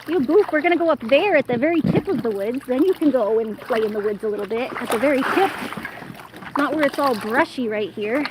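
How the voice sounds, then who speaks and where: A woman with a high voice chats and laughs as she films herself by a lake, calling out to her dog between remarks. The recording has loud outdoor noise from wind and water, picked up by a camera standing on a tripod. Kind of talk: casual outdoor vlog. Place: outdoors at a lake shore and woods.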